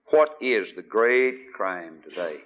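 A man preaching a sermon, emphatic and questioning his listeners, with big swings in loudness. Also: on the low side, expressive, slow, slight background noise. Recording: dull lo-fi archive recording.

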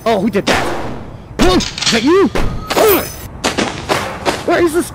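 A man giving loud, excitable gameplay commentary, swearing and shouting at the characters in a video game he is playing. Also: extremely high pitch, a little slow, long pauses. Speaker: gaming video creator. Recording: loud game music behind the voice.

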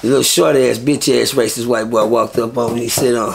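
A man, a guest in an interview, telling stories in a casual, profane and animated way. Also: mid-range voice, a little fast, gravelly, few pauses, slight background noise. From Texas. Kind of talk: casual storytelling.

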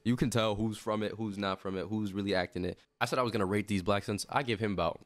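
A man's voice: fairly low pitch, steady tone, quick pace. A man hosting a casual reaction stream, teasing and repeating his points. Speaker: host.

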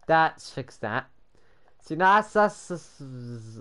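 Young man, gameplay commentary, sarcastic, sweary, mumbling asides, drawn-out delivery. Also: mid-range voice, animated, a bit bright. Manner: sweary, sarcastic, mutters to himself. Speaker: gamer building in a block game.

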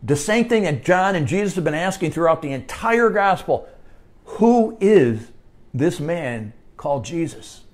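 An American man teaching a Bible study as pastor, conversational, often checking in with "all right?" and climbing high when he stresses a point. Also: animated, moderate pace, hardly any pauses.

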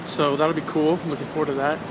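A man with a slightly raised voice talks straight to a handheld camera as he walks city streets, chatty and full of ums. Steady traffic and street noise sit clearly behind him. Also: fairly high pitch, fast talker. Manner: chatty, hesitant with many ums. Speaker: vlogger. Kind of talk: casual daily vlog.

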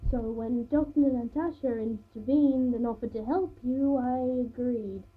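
A fussy, anxious storybook mother, played by a woman reading aloud, fretting and scolding in a high, shrill, loud voice. There is a husky edge to it. The whole thing sounds thin and tinny, like it is coming through a phone. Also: steady tone, unhurried. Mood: worried.

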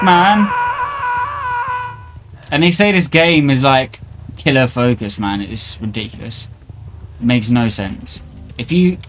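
A man streaming a video game, commenting on his play in an exasperated, ranting way. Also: mid-range voice. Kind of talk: live gameplay commentary. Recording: game music playing underneath.

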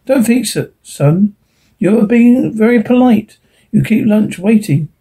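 Brief: a stern middle-aged dad with put-on gentleness, read by a male narrator, firm and clipped, husky. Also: sits high, expressive, takes it slowly, pitched above the performer's own voice, heavily acted.

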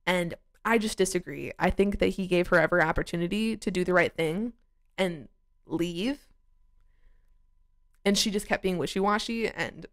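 A woman casually recapping a reality dating show, talking in a chatty, opinionated way, full of "like" and freely swearing. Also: mid-range voice.

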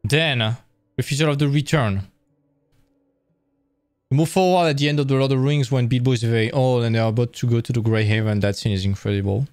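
A man's voice: medium pitch, a little fast, darkish tone, dry recording, studio quality, soft background music. A man presenting a live-streamed lecture, explaining in a casual, enthusiastic way with frequent restarts.

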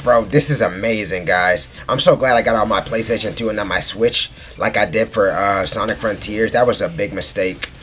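A man in his twenties giving excitable let's play commentary, shrieking in delight and saying bro constantly. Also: on the low side, moderate pace, few pauses, slight background noise. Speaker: gaming YouTuber.

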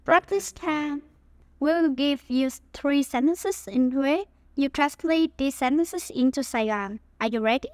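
High, slow-speaking Vietnamese-accented woman. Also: dry recording. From Huế, Vietnam. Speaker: language teacher. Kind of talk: scripted language lesson.

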